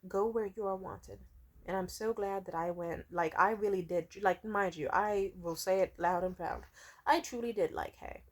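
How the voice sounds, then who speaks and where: Speaking at a normal speed with a medium-pitched voice, a female vlogger tells a rambling storytime rant. She swears without holding back and fills nearly every gap with "like."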